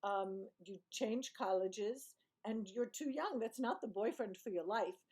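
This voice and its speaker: A woman voicing a calm, wise young man with a light Indian accent, giving advice in a story she tells. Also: mid-range voice, a little slow, slightly rough. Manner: calm, advising.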